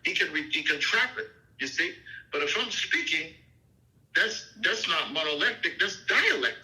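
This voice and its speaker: A man's voice: a little high, very animated, moderate pace, pushed and bright, poor audio. A man teaching scripture in an informal, emphatic way, often checking in with "okay?" and "you see?".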